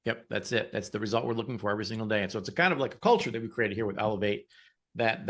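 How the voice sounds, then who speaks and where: A man co-hosting a motivational podcast, talking in an upbeat, encouraging way and often repeating words. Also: fairly low pitch. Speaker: podcast co-host. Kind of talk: casual motivational chat.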